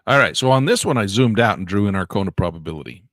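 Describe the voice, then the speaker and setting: A man teaching a live options trading lesson in a chatty way, grumbling at his software and jumping high when exasperated. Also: animated, fast talker, no echo, clean studio sound. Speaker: trading instructor.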